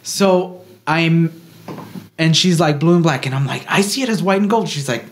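A man's voice: a little high, normal speed, slight background noise. A man co-hosting a podcast, telling a story in casual chat, swearing freely and acting out what people said. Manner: animated, swears freely, acts out quotes. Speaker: podcast co-host.

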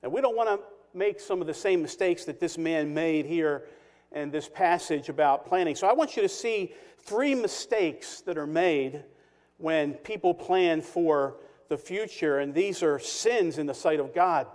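A man with a high-pitched voice preaches from the pulpit, stressing key words and pausing for effect. His voice rings out with a long echo through the church sanctuary. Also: a little mellow. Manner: emphatic, measured preaching with dramatic pauses. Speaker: pastor. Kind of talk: sermon. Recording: long reverb of a church hall.

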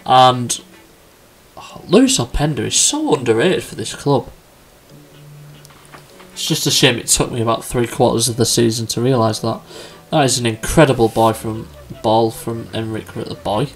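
A young man casually commenting on a football management game, chatty and excitable. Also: mid-range voice. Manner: chatty, excitable, quick laughs and exclamations. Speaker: gaming YouTuber. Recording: faint background music.

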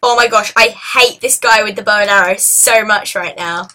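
A woman hosting a casual let's-play, chatting and excitably yelling at the game. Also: medium pitch, moderate pace. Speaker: gaming channel host.

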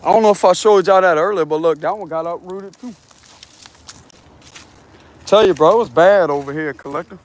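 A man's voice: high voice, moderate pace, long pauses. A man who reads tarot, walking a wooded trail outdoors and chatting to his viewers in a laid-back, slangy, profane way, often laughing. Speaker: tarot reader. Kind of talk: casual walking vlog.

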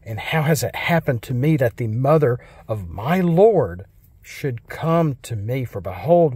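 An American man reading Bible verses slowly and solemnly, then explaining them in a casual, rambling way. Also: medium pitch, darkish tone, breathy edge, no room sound. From United States. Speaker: Bible teacher.

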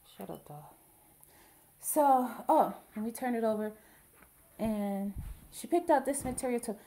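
A woman's voice: on the high side, measured pace, dark tone. Chatty woman gushing over a quilt. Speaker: video blogger. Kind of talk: casual show-and-tell vlog.

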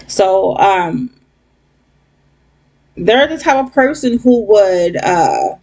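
A woman's voice: mid-range voice, animated, drawn-out words, a little mellow, breathy edge. A woman giving a casual tarot reading to her viewers, rambling and blunt, with lots of fillers and "okay?" checks. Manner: blunt, occasional cursing. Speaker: tarot reader.

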